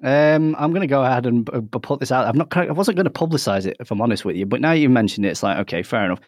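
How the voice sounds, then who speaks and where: A British man hosting a casual gaming podcast, chatty and animated, cracking jokes with his co-hosts. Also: mid-range voice, fast talker, no echo. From Britain. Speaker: podcast host.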